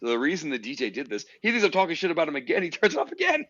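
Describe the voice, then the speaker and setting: A man hosting a podcast, telling a story in a casual, animated way, swearing freely. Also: fairly high pitch, very fast, no room sound, muffled recording. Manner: animated storyteller, swears freely, puts on silly voices in quotes. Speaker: podcast host.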